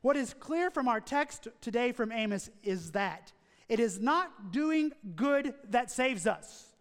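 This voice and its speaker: A man preaching with a very high voice, telling a story and hammering his points through repetition. His words ring out with a long reverb, as in a large church. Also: animated, slow pace, a bit bright. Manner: emphatic preaching, repeating key phrases. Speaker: pastor. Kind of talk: sermon.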